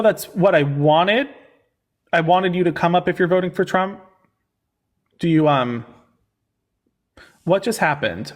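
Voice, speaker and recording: A man hosting a livestream debate, talking casually with a sarcastic, incredulous edge. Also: a little high.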